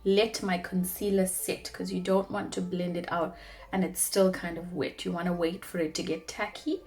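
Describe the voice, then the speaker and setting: A young South African woman with a South African accent, chatting casually through a makeup tutorial, animated with soft murmured asides. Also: on the low side, moderate pace. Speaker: beauty vlogger.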